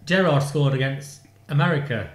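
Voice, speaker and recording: A man's voice: a little high, moderate pace. A man from England recounting football memories in casual chat. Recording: roomy echo.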